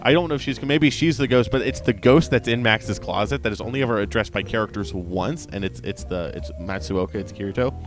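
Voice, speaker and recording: A man's voice: mid-range voice, lively intonation, brisk, hardly any pauses, soft background music. A man reviewing anime in a casual, rambling way, with lots of fillers, restarts and tag questions, laughing often when something amuses him. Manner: rambling, many restarts and fillers, frequent "right?".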